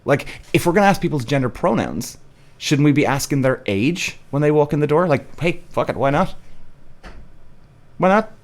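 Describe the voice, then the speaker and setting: Hosting a live podcast from Cork, Ireland, this Irish-accented man reads out viewer comments, sounding blunt and fed up and cursing without restraint. He talks fairly quickly in a fairly high, animated voice, keeping it casual as live-stream chat.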